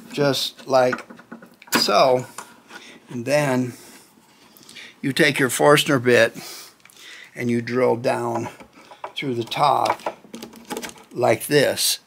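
A man's voice: medium pitch, drawn-out words, vocal fry, long pauses, a little hiss or hum. Easygoing man chatting through a workshop demo. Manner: relaxed, chatty, jokey, addresses viewers as guys. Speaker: guitar builder demonstrating a kit build. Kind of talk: casual workshop tutorial.

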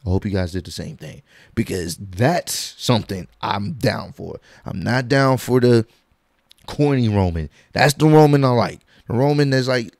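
A man talking casually in an opinion vlog, animated and slangy, acting out quotes in bursts. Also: mid-range voice, normal speed, vocal fry, no echo, clean studio sound. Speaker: wrestling commentary vlogger.

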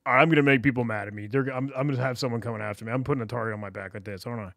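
A cybersecurity YouTuber, a man, casually talking through a screen recording, animated and jokey as he reads chats aloud. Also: mid-range voice, racing, gravelly, hardly any pauses, dry recording, clean studio sound.

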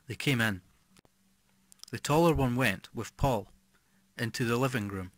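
A man narrating a short horror story for an audiobook, in a measured, even reading. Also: medium pitch, no room sound.

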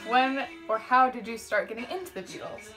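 A woman's voice: a little high, fairly quick, over music, poor audio. Playful young woman reading questions. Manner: reads questions, playful, laughs easily. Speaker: host asking tag questions. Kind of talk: casual chat.

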